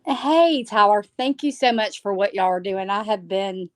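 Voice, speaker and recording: Female caller, mid-pitched voice, dry sound, friendly with ums. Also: lively intonation, moderate pace, no room sound. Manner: friendly, fillers like um. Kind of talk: call-in chat.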